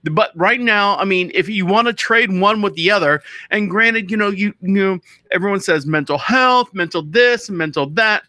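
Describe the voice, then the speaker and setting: Male talk-show host, bright tense voice, rambling self-interrupting monologue. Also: sits high, moderate pace, no room sound. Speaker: podcast host. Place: radio studio.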